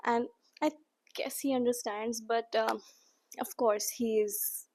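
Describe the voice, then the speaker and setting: A young woman chatting about a book in a casual reading vlog from a quiet room at home, emotional and gushing. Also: a little high, fairly even intonation, takes it slowly, a little hiss or hum. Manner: emotional, gushing, reads quotes aloud with feeling. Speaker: book vlogger.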